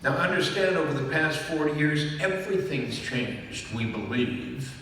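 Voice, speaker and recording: A man's voice: fairly high pitch, unhurried, sharp tone, a little hiss or hum. Emphatic man speaking in an echoey hall. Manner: emphatic, repeats key phrases and checks in with "do you understand?". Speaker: business author speaking to an audience. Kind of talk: live talk to a room. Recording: echoey hall, mic far off.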